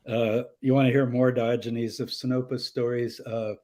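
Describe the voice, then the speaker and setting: An older man, a guest scholar fielding audience questions in a live conversational Q&A, tells stories with animation, acting out quoted voices and laughing often. His mid-range voice is a little mellow, and he speaks slowly with a flat delivery.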